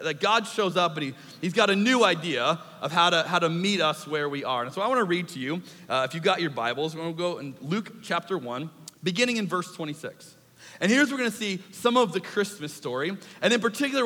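A man preaching a sermon as pastor in a church, in an animated, conversational way with acted asides. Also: sits high. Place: church sanctuary. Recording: church hall reverb.

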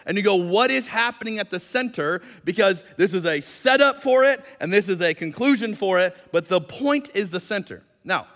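A man's voice: sits high, lively intonation, moderate pace, few pauses, a bit bright, in a large hall. A male pastor preaching a sermon in a conversational, explanatory way with light jokes, speaking in a church sanctuary.

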